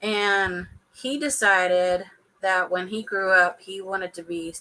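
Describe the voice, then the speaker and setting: A woman's voice: medium pitch, steady tone, slow, pushed and bright, low-quality recording. A woman, chatting casually and laughing often as she reacts to a show for her viewers. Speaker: reality TV reaction vlogger.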